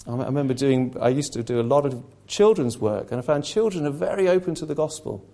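A man's voice: medium pitch, fast, vocal fry, mellow. A man preaching a sermon, impassioned and rhetorical, slipping into mocking asides.

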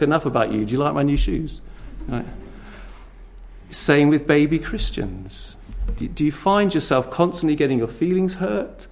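Gravelly-voiced man preaching conversationally. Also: a little high. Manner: conversational, animated, with rhetorical questions and playful voices for children. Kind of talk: sermon.

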